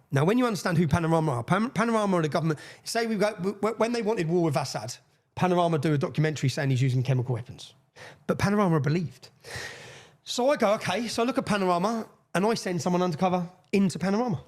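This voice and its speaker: Fast-talking excitable man. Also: high-pitched. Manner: fast, excitable, swears, acts out quoted voices. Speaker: interview guest. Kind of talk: animated storytelling in a podcast interview.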